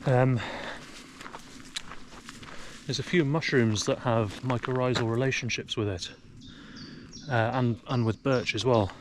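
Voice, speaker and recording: A man's voice: mid-range voice, a little slow, long pauses. Outdoor vlogger, English man, chatty, recorded on a camera in the woods with wind noise. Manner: chatty, talks to his dog in a raised sing-song voice. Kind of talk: casual walking commentary. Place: outdoors in a forest. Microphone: action camera.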